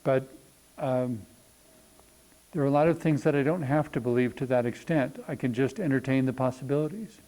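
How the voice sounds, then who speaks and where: A man hosting a reflective talk on spirituality, thinking aloud with many pauses and fillers. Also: mid-range voice, mellow, low-quality recording. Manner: thoughtful, unhurried, many ums and pauses.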